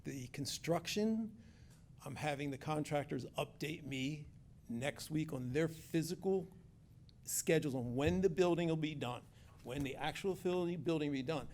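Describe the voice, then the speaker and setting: A man's voice: a little high, moderate pace, a little mellow, slight background noise. A man giving an informal community update as director of construction projects, joking and chatty, often restarting his sentences. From Philadelphia area.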